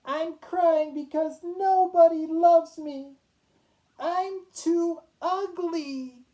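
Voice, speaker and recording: A man voicing a lonely young woman without a nose, in a slow, high, put-on falsetto. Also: a bit bright, full character voice. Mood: sobbing. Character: lonely noseless young woman, sad then shy.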